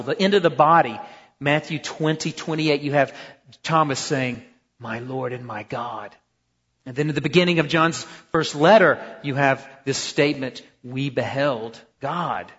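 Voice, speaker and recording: A man teaching a Bible class, emphatic and animated, often repeating words as he restarts. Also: on the high side, slightly rough. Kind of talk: classroom lecture. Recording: muffled, roomy lecture hall recording.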